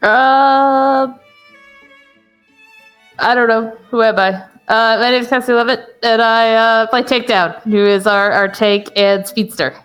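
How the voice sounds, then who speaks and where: A giggly, slightly unsure woman introducing her game character. Her voice sits a little high, with faint music underneath. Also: fairly even intonation, measured pace, fairly bright tone. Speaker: player.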